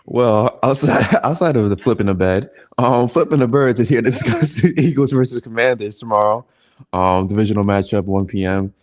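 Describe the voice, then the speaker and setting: Deep-voiced man hosting a sports podcast. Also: brisk. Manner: relaxed, laughs easily. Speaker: podcast host. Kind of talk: casual sports podcast chat.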